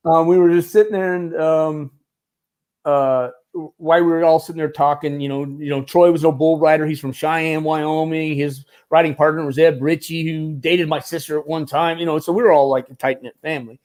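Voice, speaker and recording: A man's voice: a little high, a little fast. A man, a former Marine turned stuntman and advisor, telling casual rambling stories in an interview and acting out the voices of others. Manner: rambling, lively, acts out quoted voices.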